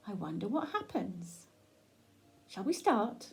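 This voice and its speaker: A woman reading a children's picture book aloud, gentle and sing-song, pausing to ask the young listener questions. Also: fairly high pitch, sing-song. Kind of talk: children's read-aloud storytelling.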